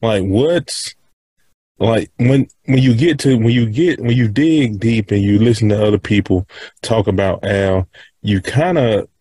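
A man's voice: on the low side, unhurried, mellow, husky, no room sound, rough recording. A man hosting a podcast interview, casual and rambling, restarting his questions as he goes. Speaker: podcast host.

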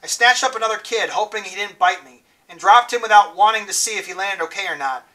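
A man teacher reading a novel aloud to a class in a plain, unhurried way, stumbling now and then. He is heard from some distance away from the mic. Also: high voice, pushed and bright.

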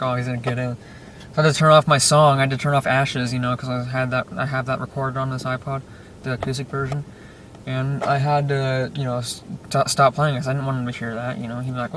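A man's voice: mid-range voice, fairly bright tone. Rambling teenage guy in a car. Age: late teens. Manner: rambling, filler-heavy, says "freaking" and "dude" a lot. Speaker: vlogger. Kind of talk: casual rambling vlog talk. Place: inside a car. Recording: clear car and road noise.

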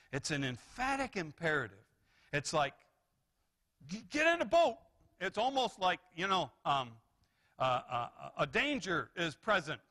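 Male pastor, sermon delivery; bright, slightly high voice, animated, restarts phrases. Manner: animated preaching with rises and repeated restarts. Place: church sanctuary.

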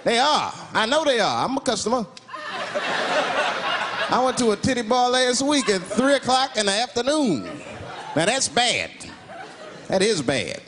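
A man performing a stand-up comedy set on a club stage, telling stories in an animated way and shouting his punchlines. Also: very high voice, unhurried, long pauses. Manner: animated storytelling with shouted punchlines and put-on voices. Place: comedy club stage before a live audience. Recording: loud laughing crowd and heavy room noise.

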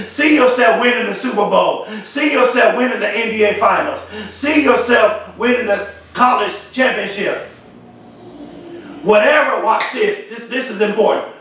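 High-voiced emphatic motivational speaker, echoey. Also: male voice, fairly bright tone. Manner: emphatic, repetitive, preacher-like delivery. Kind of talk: motivational speech. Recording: very echoey, from far off the mic.

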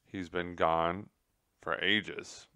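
A placid storybook mouse husband played by a man speaks calmly and firmly. His voice is low and unhurried, close and dry. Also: clear, resonant tone, no room sound, heavily acted. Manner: calm and steady, mildly firm.

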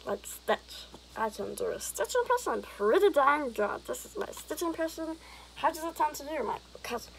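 Young woman vlogger with a slightly high, vocal-fry voice, rambles and giggles. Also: big pitch swings, moderate pace, slight background noise, poor audio. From Alberta, Canada. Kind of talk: rambling casual vlog chat.

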